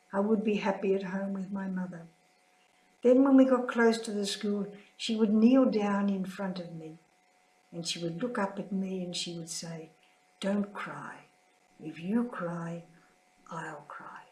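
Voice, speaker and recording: An older woman, a religious sister, sharing a heartfelt, tender spiritual reflection in a quietly grieving manner. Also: medium pitch. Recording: roomy echo.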